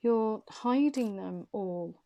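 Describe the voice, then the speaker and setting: A woman reads tarot cards for her viewers with a warm, dark tone. She sounds short of breath and halting, trailing off and repeating her questions softly. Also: medium pitch, expressive, gravelly. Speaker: tarot reader. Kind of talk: intuitive tarot reading.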